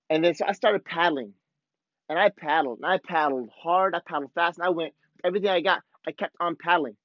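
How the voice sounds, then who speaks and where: A male podcast host with a fairly high voice tells a surf story in excited, laid-back surfer talk. The recording is dry and a little dull. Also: quick pace, no room sound. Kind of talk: casual storytelling monologue.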